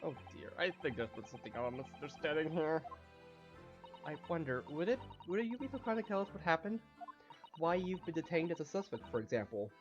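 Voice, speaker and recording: A gentle young assistant speaks softly and courteously, as a woman reads her. The voice sits low and quiet. Faint music runs underneath. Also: very animated, brisk, highs cut off. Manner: soft and courteous. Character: gentle refined young female legal assistant.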